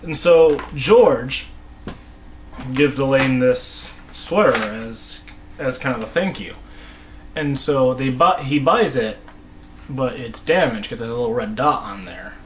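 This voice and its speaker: A man's voice: medium pitch, slight background noise, rough recording. Rambling young man recapping a show. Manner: rambling, halting, many restarts and trailing mumbles. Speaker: episode reviewer. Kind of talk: casual solo recap.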